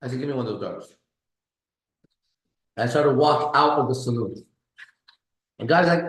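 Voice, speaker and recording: A man's voice: medium pitch, animated, normal speed, long pauses. A man hosting a live stream in casual chat, boastful and swearing with slangy talk, in a kitchen. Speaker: host. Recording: echoey room.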